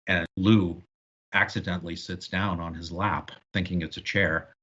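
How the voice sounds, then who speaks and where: A man's voice: low voice, normal speed, husky, highs cut off. A man as a guest film historian in a casual podcast discussion, telling stories with knowledgeable enthusiasm. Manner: animated, knowledgeable storyteller.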